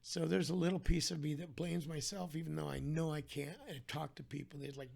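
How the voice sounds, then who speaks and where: A man's voice: fairly high pitch, level tone, brisk, vocal fry, hardly any pauses, darkish tone. A man talking as a podcast guest, telling his story in an earnest, heartfelt way with frequent restarts. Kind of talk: candid conversational storytelling.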